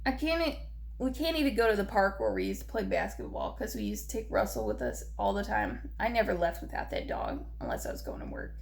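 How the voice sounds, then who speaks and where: Grieving young woman with a creaky voice. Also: mid-range voice, wildly swooping pitch. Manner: halting, repeats herself, trails off. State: grieving, lacking sleep. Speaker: vlogger. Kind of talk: tearful personal vlog.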